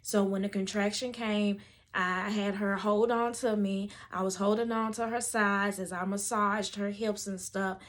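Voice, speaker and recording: A woman, a doula telling a story to camera in a lively way and acting out the voices of the people in it. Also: medium pitch, a little slow.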